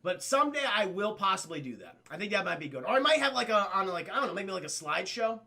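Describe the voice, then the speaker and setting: A young man giving a casual, profane review of a cartoon episode, talking excitedly to his stream chat. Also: high voice, fast.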